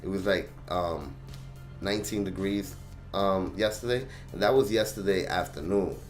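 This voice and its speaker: A young man telling a personal story to his vlog audience in an animated, slangy way. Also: deep voice. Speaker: channel host.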